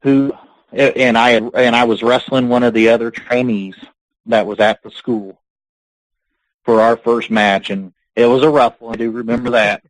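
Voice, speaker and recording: A man's voice: medium pitch, fairly even intonation, moderate pace, dry recording, rough recording. A man being interviewed on a podcast, telling long rambling stories and laughing between them. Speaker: guest, pro wrestler. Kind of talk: casual podcast interview storytelling.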